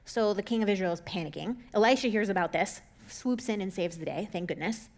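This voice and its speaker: A woman casually retelling a Bible story in a chatty, jokey way, full of sarcastic asides and quick character voices. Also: mid-range voice, darkish tone.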